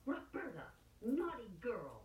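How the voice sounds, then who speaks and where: Woman putting on a shrill bossy little girl. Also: huge pitch swings, a little slow. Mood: scolding. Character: young girl, bossy big sister. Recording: roomy, distant, noisy home recording.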